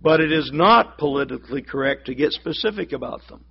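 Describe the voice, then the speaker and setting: Male pastor, storytelling sermon delivery, slightly high voice, lo-fi recording. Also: animated, fairly quick, creaky, slightly rough. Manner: storytelling, acts out voices in the joke. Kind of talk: sermon with a joke.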